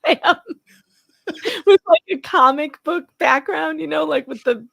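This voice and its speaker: A woman's voice: sits high, normal speed, creaky, no room sound, clean studio sound. A woman co-hosting a casual legal talk show, reading a court motion aloud and laughing and teasing between passages. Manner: lively, laughs often, teasing. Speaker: podcast co-host.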